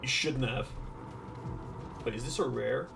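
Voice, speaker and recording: A man's voice: mid-range voice, a little slow, gravelly, music in the background. A man streaming a game and chatting casually with viewers, rambling with plenty of fillers and dry sarcastic asides. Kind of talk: casual gameplay chat with viewers.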